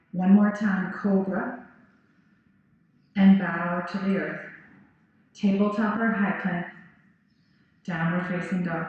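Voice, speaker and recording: Unhurried yoga teacher in a roomy studio. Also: female voice, medium pitch, slight background noise. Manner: calm, encouraging cues with frequent "good". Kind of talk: guided yoga class instruction. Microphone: 360 camera in the room. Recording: roomy, slightly dull recording with faint music.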